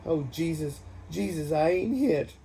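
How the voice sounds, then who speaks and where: A man's voice: medium pitch, animated, moderate pace, dark tone, slight background noise, close to an everyday voice, low-quality recording. A man voicing a panicked fifteen-year-old boy soldier, sobbing and pleading.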